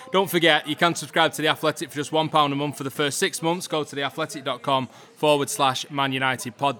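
A cheerful man hosts a podcast with a bright, forward voice. He chats loosely and laughs often, recording from a football stadium. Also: on the high side. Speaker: podcast host. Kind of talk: casual podcast chat.

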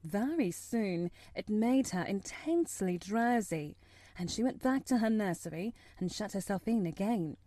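A woman reading a story aloud as an audiobook narrator, measured and expressive. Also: medium pitch, no echo.

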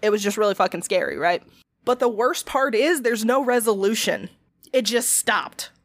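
A woman's voice: a little high, normal speed, no room sound, clean studio sound. A woman co-hosting a casual podcast, blunt and dramatic, swearing often. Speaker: podcast co-host.

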